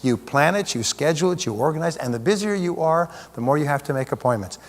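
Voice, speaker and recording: A man's voice: on the high side, lively intonation, quick pace. A man giving a live seminar talk as a motivational speaker, conversational, with plenty of rhetorical questions. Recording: long hall reverb.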